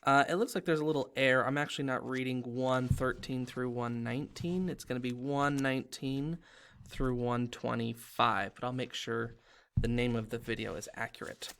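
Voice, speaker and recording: A man's voice: medium pitch, steady tone, moderate pace, creaky, a bit bright, clean tone. A man hosting a read-aloud video, reading a novel aloud with dramatic pacing.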